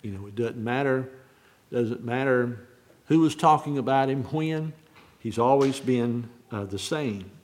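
Man preaching slow, lots of restarts and ums, goes over the verse again and again. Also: mid-range voice, darkish tone. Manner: halting, full of restarts and fillers, repeating the verse slowly. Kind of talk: sermon, unscripted Bible teaching.

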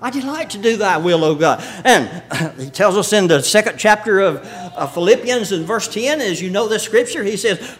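Role: preacher. Sex: man. Style: sermon. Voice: high-pitched, reading scripture slowly, folksy asides, clears throat, chuckles. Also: expressive, fairly bright tone. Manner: reads scripture aloud slowly, then explains it in plain folksy talk.

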